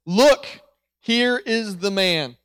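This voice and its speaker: A man's voice: high voice, animated, fairly bright tone, no room sound, clean studio sound. A man reading a stern Roman governor. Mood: emphatic. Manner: read aloud with emphatic slowed questions. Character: stern male Roman governor questioning a prisoner.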